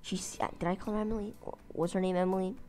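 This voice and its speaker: A woman's voice: medium pitch, fairly even intonation, racing, mellow. A woman telling a story in a casual vlog, rambling with lots of fillers and restarts. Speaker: gaming channel host.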